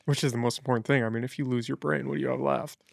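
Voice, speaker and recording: A man hosting a podcast, chatting in a relaxed, reflective way with his guest. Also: mid-range voice, very fast, vocal fry, dry recording, clean studio sound. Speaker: podcast host. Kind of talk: casual interview chat.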